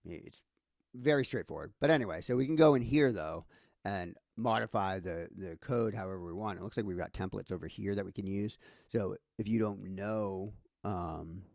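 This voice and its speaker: A man's voice: fairly low pitch, moderate pace, vocal fry, darkish tone, no room sound, studio quality. A man giving a casual screen-share tutorial, thinking aloud with many fillers and restarts. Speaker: instructor.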